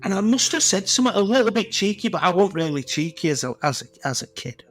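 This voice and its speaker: A man's voice: high voice, big pitch swings, fast talker, faint music behind. A middle-aged man from Leeds with a Yorkshire accent, a podcast guest telling rambling, blunt anecdotes full of swearing. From Leeds, England. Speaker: guest tiler. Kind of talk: casual podcast chat.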